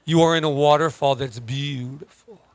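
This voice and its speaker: During a church service, a minister delivers a playful sermon, joking conversationally before turning emphatic. His voice is slightly high and steady in tone, at a normal speed.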